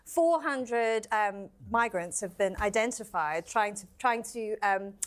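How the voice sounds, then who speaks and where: A woman's voice: mid-range voice, lively intonation, slow. A woman on a talk panel presenting a news story, earnest and emphatic.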